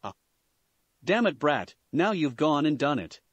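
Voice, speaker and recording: A man's voice: fairly high pitch, very animated, a little slow, slightly rough, dry recording, heavily acted. A man voicing an exasperated older male ninja sage who mutters and grumbles.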